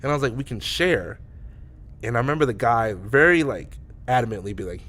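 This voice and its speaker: A man's voice: mid-range voice, lively intonation, brisk, fairly bright tone. A man co-hosting a podcast, telling a story in a rambling way with many restarts. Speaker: podcast co-host. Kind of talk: casual storytelling.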